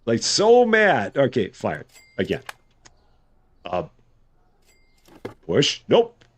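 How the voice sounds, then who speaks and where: A man's voice: medium pitch, wildly swooping pitch, extremely slow. A man giving casual live gameplay commentary as a streamer, chatty and good-humored, thinking aloud. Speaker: game streamer.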